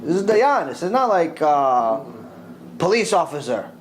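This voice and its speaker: Brief middle-aged rabbi, fairly high voice for a man, lively storytelling in a Torah lecture, a faint hiss behind him. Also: unhurried, low-quality recording. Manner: animated storytelling, mixing in Hebrew religious terms.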